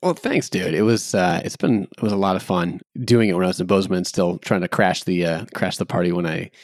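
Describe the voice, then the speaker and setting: A man's voice: low-pitched, fairly quick, no echo, clean studio sound. A man hosting a podcast interview, casual and joking, with many fillers. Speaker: podcast host.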